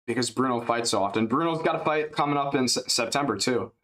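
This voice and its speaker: Male streamer calling a fight live, loose and chatty, mid-pitched voice, spikes up on big hits. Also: quick pace. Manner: rambling, chatty, jumps up in excitement at big strikes; drowsy and yawning at times. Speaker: livestream fight commentator. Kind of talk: casual live play-by-play commentary.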